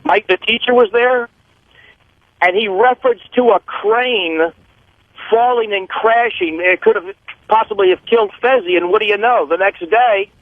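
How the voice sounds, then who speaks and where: A man's voice: high voice, normal speed, no room sound. A man calling in to a radio show, recounting something with some hesitation, over a phone line. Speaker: radio caller.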